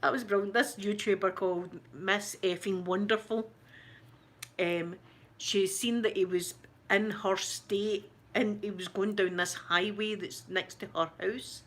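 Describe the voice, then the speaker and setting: A woman's voice: mid-range voice, takes it slowly. A Scottish woman chatting casually on a livestream, telling gossipy stories with a lot of laughter. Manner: animated, gossipy storytelling with lots of laughter. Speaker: ASMR YouTuber answering live chat.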